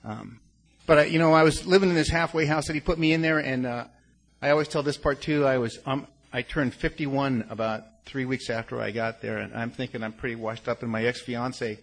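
Older man, gravelly, blunt and earnest, rambling testimony at a recovery meeting, mid pitch. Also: steady tone, a little fast. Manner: rambling storyteller with many restarts and fillers; frank and earnest, with blunt curses. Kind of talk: personal testimony to a group.

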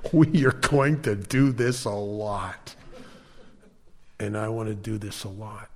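A fairly high-voiced man shares his recovery story, earnest and emphatic. He throws in wry, self-mocking humor along the way. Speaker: speaker sharing at a recovery meeting. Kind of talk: personal storytelling talk.

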